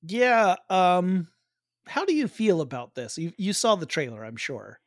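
A man co-hosting a casual chat show, relaxed and laughing as he talks, with a touch of hiccups. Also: sits high, measured pace, dry recording, clean studio sound. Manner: relaxed, chuckling, trailing off. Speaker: podcast co-host.

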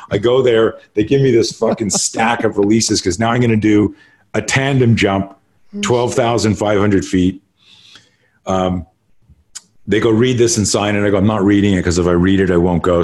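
A middle-aged man from Canada, a martial artist guest on a podcast, telling stories in a casual, profane, animated way. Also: on the low side, moderate pace. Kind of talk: casual storytelling.

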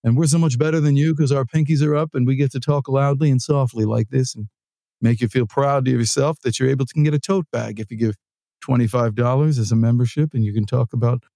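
A man's voice: mid-range voice, steady tone, fairly quick, vocal fry, no room sound, voice pushed down, natural voice. A man voicing a smug, pompous male public radio host who drones along. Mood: mocking. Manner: smug, hushed, pompous delivery.

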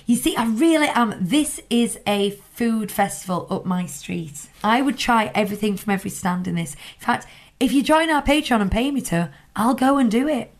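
A woman with a Northern English accent co-hosting a casual podcast chat. She talks in a chatty way, laughs often and reads menu items aloud. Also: on the high side. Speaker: podcast co-host.

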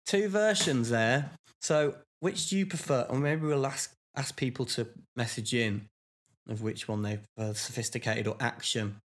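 A man's voice: mid-range voice, normal speed. A man co-hosting a podcast, chatting casually with lots of fillers and restarts. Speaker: podcast co-host. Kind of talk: casual chat.

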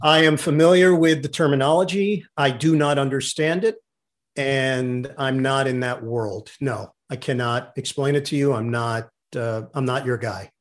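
A man's voice: medium pitch, normal speed. A middle-aged man, a sports broadcaster, chatting casually and telling an anecdote, acting out the voices of the people in it. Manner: animated anecdote-teller who acts out quotes. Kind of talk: casual chat, storytelling.

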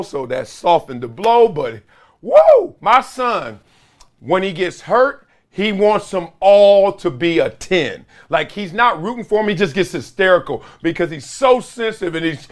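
Animated man hosting a sports talk show. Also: high voice. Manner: animated, slangy, storytelling. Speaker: podcast host. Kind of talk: casual sports talk monologue.

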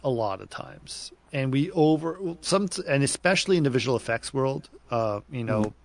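A man's voice: medium pitch, lively intonation, moderate pace, vocal fry. A man co-hosting a casual podcast chat, telling stories in a rambling, self-correcting way. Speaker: podcast co-host.

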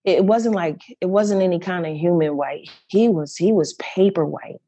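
Mellow, emotional woman recounting a story. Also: fairly low pitch, moderate pace, dry recording. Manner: emotional, repeats and restarts phrases. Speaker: guest performer. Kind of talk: candid interview storytelling.

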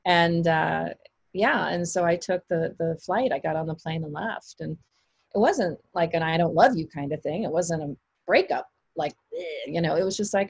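A woman's voice: fairly low pitch, moderate pace, vocal fry, slightly rough, dry recording. A woman, an actress, talking casually in an interview, rambling with many fillers and restarts. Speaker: actress guest.

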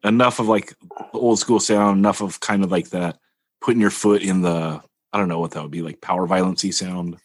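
Low-voiced casual male interviewer. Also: fairly even intonation, fairly quick. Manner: casual, filler-heavy questions.

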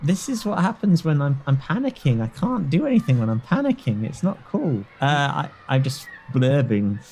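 A man's voice: a little high, sing-song, normal speed, darkish tone, a little hiss or hum. A British man playing a tabletop role-playing game, jokey and self-deprecating, often laughing. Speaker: player.

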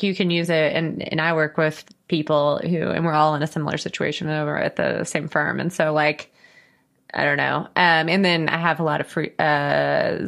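A woman with a slightly low voice co-hosts a casual podcast with her brother. She is chatty and laughs often as she talks. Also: vocal fry, a bit bright. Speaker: podcast co-host. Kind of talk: casual chat.

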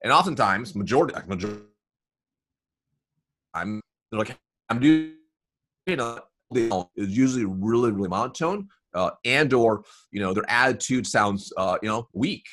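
Interviewed as a sales coach, a man explains things in an energetic, conversational way, often checking in with "right?" and "you know." His voice is on the low side at a normal speed.

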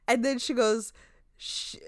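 A young woman with a New Jersey accent hosting a casual recap chat, animated and profane. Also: fairly high pitch, slow, dry recording, studio quality. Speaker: podcast host.

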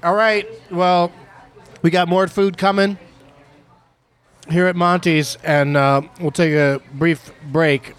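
A man hosts a podcast from a restaurant table. His voice sits a touch high for a man, and his delivery is dry and joking. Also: level tone, slow pace, long pauses, fairly bright tone, smooth. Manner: joking, wry. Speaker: podcast host. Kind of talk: casual podcast chat.

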